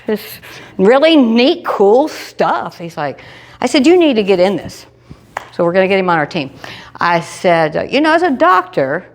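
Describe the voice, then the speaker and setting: A woman, telling a personal story to a live group and acting out every line of dialogue with big jumps in pitch. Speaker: presenter sharing a testimony.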